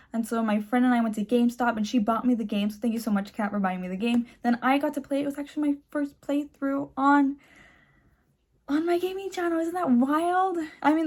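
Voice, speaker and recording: A woman's voice: sits high, a little mellow. Chatty young woman, phone-recorded vlog. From Mexican heritage. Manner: chatty, filler-heavy, enthusiastic. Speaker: channel host. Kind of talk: casual reaction vlog.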